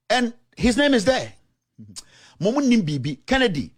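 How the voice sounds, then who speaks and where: This journalist, a Ghanaian-accented man, has a very high voice with big pitch swings and a moderate pace, recorded without echo. Addressing the camera with animated commentary, he reads out official statements emphatically, presents documents, and drifts into local language at times.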